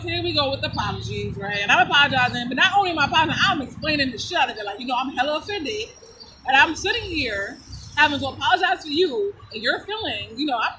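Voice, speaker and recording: High, bright-voiced woman telling a story. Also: slight background noise, rough recording. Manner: blunt and profane, laughing often; animated, lively retelling. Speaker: storyteller vlogger. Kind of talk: casual storytime chat.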